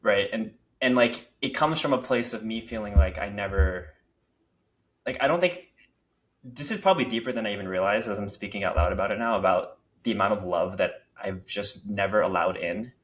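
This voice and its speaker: A man's voice: fairly low pitch, brisk. A young man, a guest on a podcast, reflecting openly and searching for words in a casual conversation.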